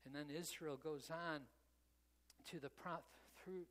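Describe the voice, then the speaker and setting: A male pastor with a fairly high voice tells the story as a sermon, casual and chatty with "you know" tossed in. His voice carries a long reverb, as if he were recorded in a big hall. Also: steady tone, a little slow, fairly bright tone.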